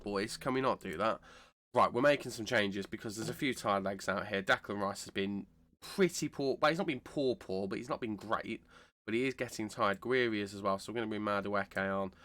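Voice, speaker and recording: A British man hosting a gaming channel, talking through a let's-play while unwell with a cold, chatty and rambling, correcting himself and bursting into excitement. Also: lowish voice. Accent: British English. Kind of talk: casual let's-play commentary.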